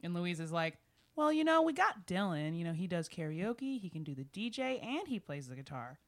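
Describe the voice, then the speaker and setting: A woman, telling a road story in casual podcast chat, animated and laughing as she acts out the people in it. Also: fairly low pitch, normal speed. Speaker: podcast guest, musician.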